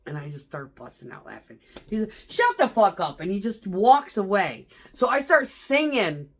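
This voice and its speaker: A woman's voice: mid-range voice, very animated, moderate pace. A middle-aged woman telling stories in a casual vlog, chatty and profane, laughing often. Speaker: vlogger.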